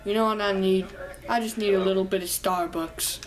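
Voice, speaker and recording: Faint music plays behind a young woman giving offhand commentary on her video game, talking in a rambling way, cracking jokes to herself, and now and then humming or singing. She has a mid-range voice with fairly even intonation and a moderate pace.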